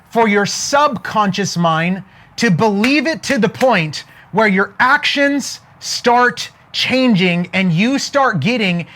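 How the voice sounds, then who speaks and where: Male motivational speaker, light high voice, emphatic, keeps checking in with the audience. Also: fairly bright tone, a little hiss or hum. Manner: emphatic, with frequent "okay?" check-ins; storytelling, building to a punchline. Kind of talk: motivational talk to an online audience.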